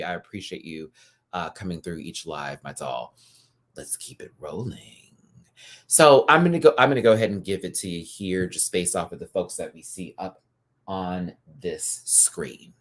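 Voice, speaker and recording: A man hosting a casual live review stream, campy and animated, chatting asides to his viewers. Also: fairly low pitch. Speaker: YouTube host reviewing a TV show.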